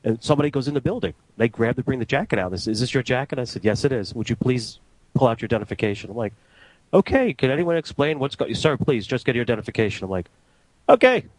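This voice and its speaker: A man telling stories from his years as a radio transmitter engineer. He is casual and animated and acts out each exchange in the story. His voice sits at an ordinary middle pitch and sounds dry and close to the mic. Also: fast talker, no echo, poor audio. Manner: animated anecdote teller, acting out dialogue.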